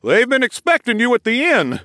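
A man's voice: very high-pitched, huge pitch swings, normal speed, pushed and bright, no echo, studio quality, pitched above the performer's own voice, heavily acted. A man narrating an audiobook voices a drowsy male town guard, startled and demanding.

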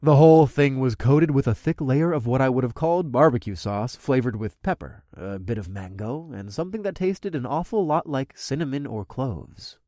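A man narrating a first-person fantasy audiobook in an expressive reading, recorded close. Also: medium pitch, normal speed, hardly any pauses, dry recording.

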